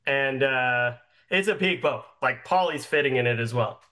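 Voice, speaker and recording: A man's voice: mid-range voice, normal speed, pushed and bright. A young man narrating a tabletop game as game master, rambling with many fillers.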